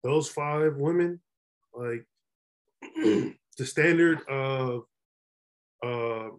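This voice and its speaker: Slow-talking blunt male podcaster. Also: medium pitch. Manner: opinionated, blunt. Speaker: podcast co-host. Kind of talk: casual wrestling chat.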